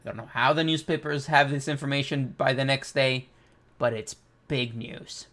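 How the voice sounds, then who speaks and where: A man hosting a casual comic reaction, reading panels aloud and thinking out loud with excitement. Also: medium pitch, moderate pace. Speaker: manga reaction host.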